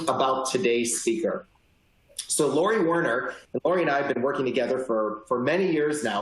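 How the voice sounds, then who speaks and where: A man moderating a webinar and introducing the guest speaker, friendly and a little halting. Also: medium pitch, roomy sound, rough recording. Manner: friendly, slightly halting, restarts.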